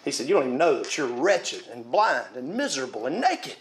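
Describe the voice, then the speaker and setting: A man preaching a sermon with fervour, rising to shouts at his peaks and chuckling between points. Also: medium pitch, sing-song, a little fast, reverberant, slight background noise.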